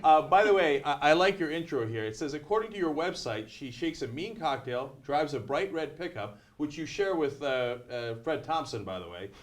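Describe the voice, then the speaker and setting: Male web talk show host, somewhat high voice, lively and chatty, lots of uh's. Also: moderate pace, hardly any pauses. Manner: energetic, animated, many fillers.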